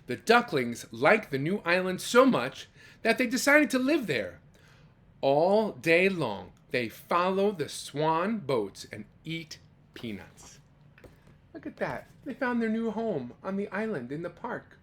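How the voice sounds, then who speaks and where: A man reads a children's storybook aloud in a warmly animated, sing-song way, with a voice that rises and falls widely. He pauses to gasp, exclaim and ask his young listeners questions. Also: a little high, a little hiss or hum. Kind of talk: reading a picture book aloud to children.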